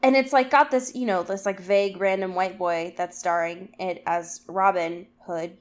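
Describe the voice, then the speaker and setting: A woman co-hosting a podcast in casual chat, cracking quick jokes, ranting in mock quotes and swearing freely. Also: medium pitch, steady tone. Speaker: podcast co-host.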